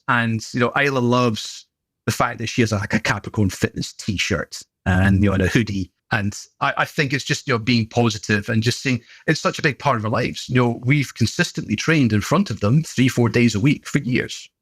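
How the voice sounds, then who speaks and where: A man's voice: medium pitch, moderate pace, slightly rough, no echo. A middle-aged British man chatting casually as a podcast guest, telling stories with playful put-on voices. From United Kingdom. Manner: animated storyteller, does playful voices. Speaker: podcast guest, gym owner. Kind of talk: casual conversation.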